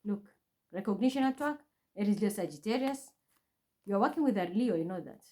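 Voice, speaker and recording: A woman's voice: medium pitch, lively intonation, fairly quick, a little mellow. A woman vlogging from home in an intense, accusatory, repetitive monologue. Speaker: spiritual reader vlogger. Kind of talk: agitated monologue to camera. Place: her home.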